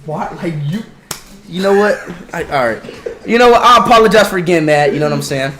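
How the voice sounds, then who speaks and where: A man's voice: on the high side, expressive, fairly quick, fairly bright tone. A man talking casually to the camera, rambling and apologizing with lots of filler words.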